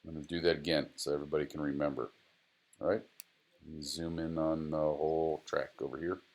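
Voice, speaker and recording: A man with a deep, low voice walks through racing data on screen like an instructor. He is casual, repeats points for emphasis and grumbles at his tools as he goes. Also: little pitch movement, brisk. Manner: casual, repeats phrases, talks to the software. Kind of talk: screen-recorded data analysis tutorial.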